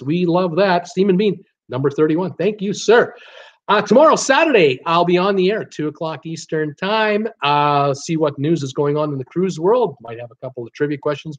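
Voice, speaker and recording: A man hosting a cruise live stream, reading viewer comments aloud in an animated, chatty way with many fillers. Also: a little high. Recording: dull lo-fi stream audio.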